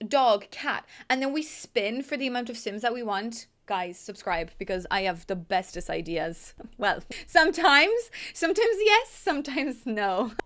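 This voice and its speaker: A woman hosting a gaming channel, giving casual let's-play commentary in a chatty way and scolding the game aloud in exasperation. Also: a little high.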